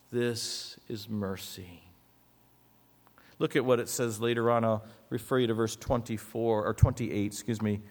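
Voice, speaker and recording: A man preaching a sermon, reading scripture aloud with asides and swinging dramatically between loud and hushed. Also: mid-range voice, gravelly. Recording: long hall reverb.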